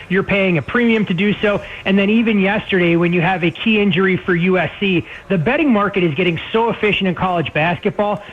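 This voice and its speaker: Fast-talking nasal betting analyst. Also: male voice, high-pitched. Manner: fast, detailed analytical talk. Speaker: betting analyst, weekly guest. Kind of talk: sports betting talk radio. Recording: dull lo-fi line with faint noise.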